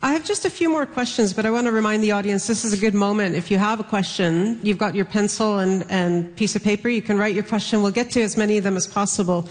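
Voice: medium pitch, quick pace, few pauses. A moderator running a live panel, asking carefully phrased questions and addressing the audience. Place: large hall with a live audience. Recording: long hall reverb.

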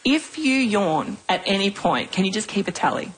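A woman co-hosting a radio health show with a mid-pitched voice, bubbly and quick-witted. She laughs often and explains the facts eagerly, with a faint hum of noise behind her. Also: animated, rough recording. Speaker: radio co-host.

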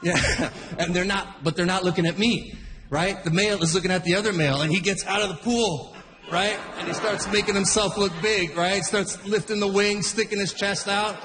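A man's voice: high-pitched, fairly even intonation, normal speed. Man, stand-up comedian, rambling casual delivery, stammered restarts, noisy live room. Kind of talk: stand-up storytelling. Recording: echoey hall with background noise.

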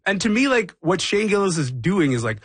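A man hosts a casual podcast chat, his voice a little husky and close to a dry mic. He talks in an animated way, thinking out loud and leaning on filler words. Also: sits high, fairly quick, no room sound. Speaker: podcast host. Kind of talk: casual discussion of comedy.

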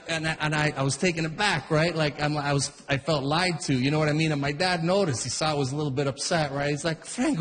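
A man's voice: mid-range voice, in a large hall. A man telling a comic story about his family, rambling and restarting with lots of fillers. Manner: rambling, filler-heavy, self-interrupting. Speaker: stand-up comedian. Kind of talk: stand-up storytelling. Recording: noisy background.

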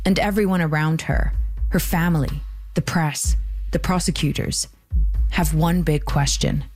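A woman hosting a documentary podcast, reading scripted narration in a measured way. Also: low-pitched, faint music behind. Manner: measured, even storytelling delivery.

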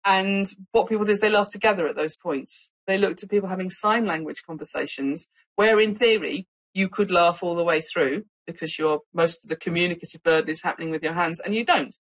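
A woman scientist explains her research in an interview, animated and expressive. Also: lowish voice, rough recording. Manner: animated, expressive, quick asides. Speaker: scientist guest.

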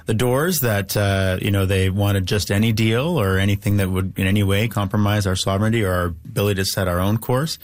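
A man from Canada, a newly elected member of parliament, giving earnest, measured interview answers with frequent filler phrases. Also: deep voice.

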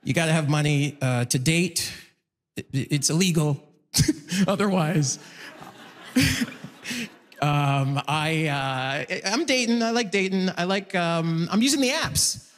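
A male stand-up comedian, performing a set in a large concert hall, lively and jumping into voices. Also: fairly high pitch, slow, long pauses. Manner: animated, jumps into voices. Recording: live hall reverb. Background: audience laughter.

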